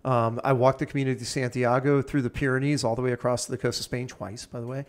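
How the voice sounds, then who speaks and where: A man's voice: medium pitch, little pitch movement, quick pace. Enthusiastic rambling man. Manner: enthusiastic, rambling, piles up plans. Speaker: podcast guest. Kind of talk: casual chat.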